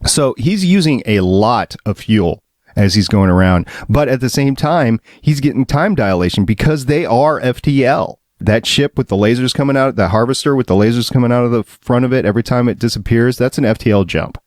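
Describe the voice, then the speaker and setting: A man's voice: medium pitch, animated, a little fast, darkish tone, no room sound, studio quality. Chatty male podcast co-host. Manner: chatty, explaining, laughs often. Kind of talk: casual chat.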